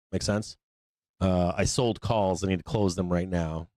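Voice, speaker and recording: A deep-voiced man hosting a live market stream, talking off the cuff with plenty of swearing and "like" and "uh." His voice sits close and dry, with no room sound around it. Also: steady tone, unhurried, warm tone, no echo. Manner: loose, profane, rambling with fillers. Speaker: trading show host.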